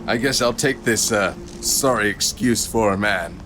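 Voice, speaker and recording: A man playing a tabletop game, hesitant and halting as he chooses. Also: lowish voice, music in the background. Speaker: player.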